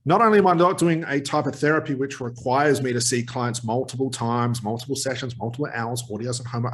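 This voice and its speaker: A man teaching hypnotherapy in a direct talk to camera, emphatic, who acts out short exchanges with clients. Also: mid-range voice. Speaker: hypnotherapy trainer.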